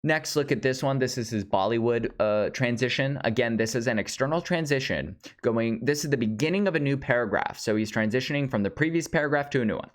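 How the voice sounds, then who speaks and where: A man in an everyday mid-range voice talks students through speech examples. His delivery is loose and conversational, full of small fillers and quick asides. It sounds like a relaxed instructional voice-over. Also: medium pitch. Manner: casual, conversational explaining with fillers. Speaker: speech and debate teacher. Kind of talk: instructional lecture.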